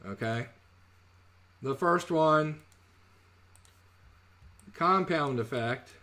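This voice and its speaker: A man with a voice pitched a little above the usual male range teaches trading in a relaxed live-webinar tone. He is chatty and jokey, tripping over words and fixing them as he goes. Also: extremely slow. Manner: chatty, jokey, corrects himself mid-word. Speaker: trading educator.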